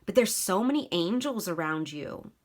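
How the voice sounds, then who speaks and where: A woman's voice: fairly low pitch, animated, moderate pace. A young woman giving a casual, emotional tarot reading to camera, chatty and giggly, with many fillers. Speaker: tarot reader.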